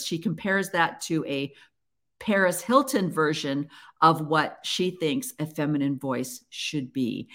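Her voice is lowish with a fairly bright tone as she hosts her own podcast, chatting casually and solo. She keeps restarting sentences while speaking to listeners earnestly and encouragingly.

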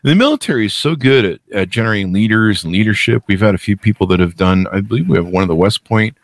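Low-voiced male podcast host, dry close mic. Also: fast, no echo. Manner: emphatic, jumps up in pitch to stress points. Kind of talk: casual interview chat.

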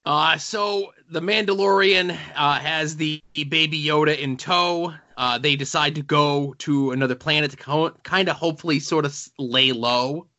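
Speaking at a moderate pace with hardly any pauses, a man with a fairly high, pushed and bright voice co-hosts a podcast. He chats and jokes casually, rambling with fillers about comics and TV, on a dull lo-fi recording.

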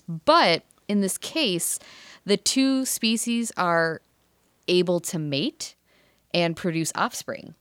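Lively bright-voiced woman chatting. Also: on the low side, smooth, no echo. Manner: laughs often, animated storytelling with owl-call imitations. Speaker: podcast co-host. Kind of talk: casual chat.

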